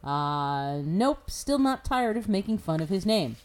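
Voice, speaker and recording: A woman's voice: medium pitch, big pitch swings, a little slow, a little mellow. An American woman host delivering a sarcastic, mocking scripted opinion commentary. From United States. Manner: sarcastic, mocking, laughs at her own jokes. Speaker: podcast commentator.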